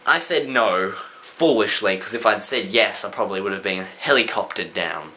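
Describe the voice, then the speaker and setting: A man tells a comic personal story, throwing in sound effects and shouted voices. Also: lowish voice, moderate pace, slight background noise. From Australia. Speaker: storyteller vlogger. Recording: roomy echo.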